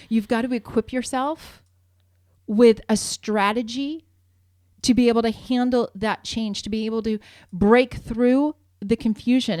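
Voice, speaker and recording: A woman's voice: medium pitch, darkish tone, dry recording, clean studio sound. A woman co-hosting a marriage podcast in casual, earnest talk, laughing easily and reading sponsor plugs. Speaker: podcast co-host.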